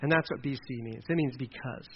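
A man's voice: medium pitch, fairly quick, muffled recording, slight background noise. A male preacher from Delaware giving a conversational sermon, acting out quoted characters as he goes.

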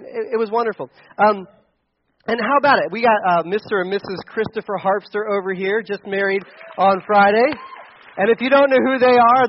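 Young male pastor, high voice, chatty sermon, dull lo-fi sound. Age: young adult. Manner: conversational, storytelling with repeated restarts.

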